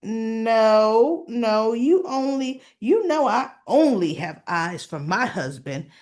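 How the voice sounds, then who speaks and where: A woman voicing a coy, nosy young wife in a high, sing-song quoting voice while retelling a scene. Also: animated, slow pace, a little mellow. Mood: protesting.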